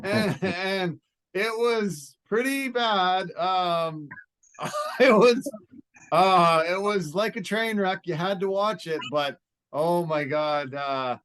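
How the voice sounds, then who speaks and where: A man co-hosting a sports podcast in casual chat, animated and laughing, mimicking fighters as he talks. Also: high voice, slow, slight background noise.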